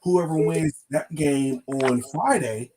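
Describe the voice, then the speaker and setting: A man's voice: fairly high pitch, takes it slowly, darkish tone. Man talking sports in a light voice. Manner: explains things with hesitant restarts. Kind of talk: casual sports chat.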